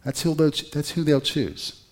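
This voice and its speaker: Male pastor, sermon, conversational, animated, asks the congregation rhetorical questions. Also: fairly high pitch, moderate pace.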